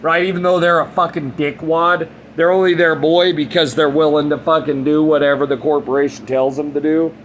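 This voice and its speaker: A man's voice: a little high, fairly even intonation, fairly quick, hardly any pauses, a little hiss or hum, poor audio. A man in his thirties talking bluntly and frankly in a casual monologue, rambling and swearing a lot. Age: 30s. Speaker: vlogger.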